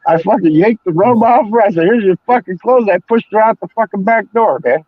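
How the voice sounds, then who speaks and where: A man's voice: high voice, a little fast, no room sound. An older man chatting casually as a stream host, telling rambling, profane stories. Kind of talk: casual chat. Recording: dull lo-fi sound.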